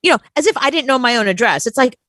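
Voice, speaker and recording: A woman co-hosting a chat show, telling a story in an animated, exasperated way and acting out quotes. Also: high-pitched, rapid-fire, no echo. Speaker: podcast co-host.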